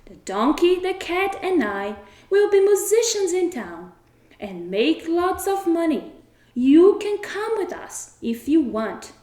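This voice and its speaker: A weary old hunting dog with a storybook lilt, as a woman puts him on. The voice sits high and swoops about, slow and mellow. The room is echoey. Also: big pitch swings, exaggerated voice. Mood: eager. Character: old male hunting dog, tired, eager to join.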